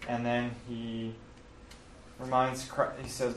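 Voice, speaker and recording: A man's voice: on the low side, moderate pace, pauses often, fairly bright tone, a little hiss or hum. A man casually walking listeners through the Mass, with fillers and self-corrections. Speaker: teacher explaining the Mass. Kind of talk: casual explanatory talk. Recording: roomy, from a distance, faint ambience.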